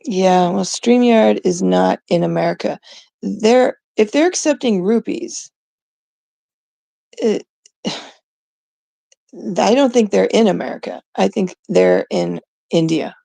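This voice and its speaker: A woman's voice: mid-range voice, unhurried, vocal fry, mellow, no echo. A middle-aged woman from Canada ranting casually and profanely to her viewers. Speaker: vlogger. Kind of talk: casual rant to camera.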